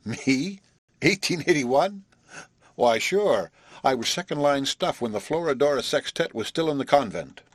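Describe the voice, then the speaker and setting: A man reading the part of a flippant, teasing young woman in an audiobook, with a husky voice and brash, drawn-out banter. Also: medium pitch, animated, no echo, pitched above the performer's own voice.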